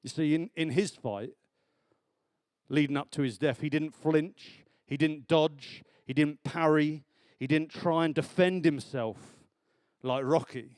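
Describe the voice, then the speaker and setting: A man delivers a church sermon in a chatty, animated way, often breaking into a laugh. His voice sits a little high. The sound is dry and close. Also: a little slow, no room sound. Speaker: preacher.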